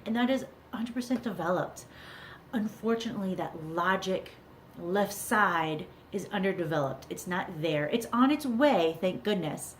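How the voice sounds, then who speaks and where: A woman's voice: mid-range voice, animated, normal speed, slight background noise. A middle-aged woman, a parenting coach, giving earnest advice to camera and repeating key words for emphasis. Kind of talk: talking-to-camera advice video.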